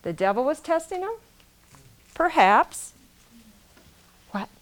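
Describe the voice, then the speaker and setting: A woman's voice: sits high, big pitch swings, takes it slowly. A woman telling a traditional story aloud, repeating phrases and asking her listeners questions. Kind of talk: oral storytelling to a live audience.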